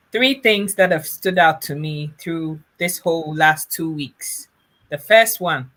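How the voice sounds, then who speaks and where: A woman's voice: medium pitch, sharp tone. A woman from Ghana hosting a casual conversation, emphatic and affirming. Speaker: host. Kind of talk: casual chat.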